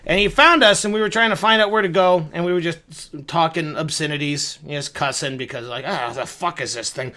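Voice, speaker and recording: A young man with a high, bright voice tells a story in a loose, rambling way. He swears freely and pokes fun at himself as he goes. It sounds like a casual monologue to his viewers. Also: fairly quick, few pauses. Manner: rambling, profane, self-mocking. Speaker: video creator.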